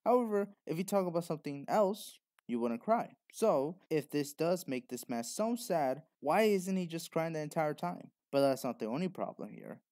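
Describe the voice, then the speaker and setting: A man's voice: fairly high pitch, animated, normal speed, hardly any pauses, dark tone, no echo, studio quality. A man delivering an opinionated commentary monologue, talking bluntly and lecturing the viewer directly. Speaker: video essayist.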